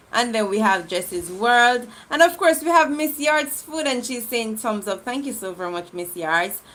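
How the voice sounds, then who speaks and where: A woman hosting a livestream game, reading out viewer comments in an affectionate, lively way and laughing often. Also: medium pitch. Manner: lively and affectionate, laughs often, shifts quickly between loud and soft.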